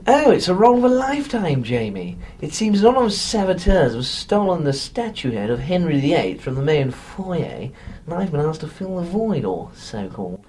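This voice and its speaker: A woman's voice: sits low, very animated, moderate pace, mellow, slight background noise. A woman voicing a pompous, condescending severed head of a male cemetery landlord.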